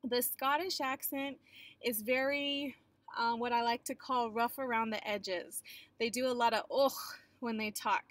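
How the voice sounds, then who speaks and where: A young adult woman explains geography in a recorded lesson, chatty and friendly, pausing often on filler sounds. Her voice sits a little high, and the close recording is dry with no room sound. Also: steady tone, fairly bright tone, no room sound. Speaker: teacher.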